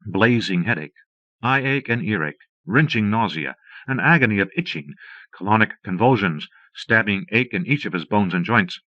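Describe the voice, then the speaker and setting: A man with a low voice reads a story aloud steadily and in measured phrases. The recording comes from a dull old cassette and sounds close and dry. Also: expressive, dry recording. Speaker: audiobook narrator. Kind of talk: audiobook narration.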